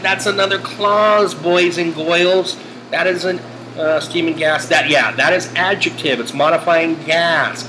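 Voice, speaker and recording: A man teaching a grammar lesson over slides, animated and joking with exclamations. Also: fairly high pitch. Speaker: English teacher. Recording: air conditioning hum behind.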